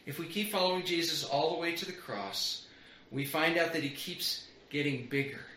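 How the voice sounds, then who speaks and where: Earnest middle-aged pastor, bright voice. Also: male voice, a little high, moderate pace, slight background noise. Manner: earnest, repetitive build-ups. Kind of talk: sermon. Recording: roomy echo.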